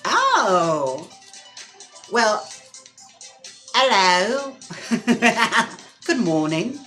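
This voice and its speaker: A man hosting a livestream in casual chat, talking with lots of fillers and quick laughs. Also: high-pitched, huge pitch swings, pushed and bright, faint music behind. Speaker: live-stream host. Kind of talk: casual chat during a wig-styling livestream.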